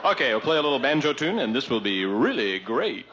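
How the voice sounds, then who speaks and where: Exasperated stand-up comic on a live stage. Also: male voice, medium pitch, sing-song, a little fast, loud music behind the voice. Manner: mock-exasperated, rising to shouts. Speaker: stand-up comedian. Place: stage before a live audience. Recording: dull vintage live TV audio with crowd.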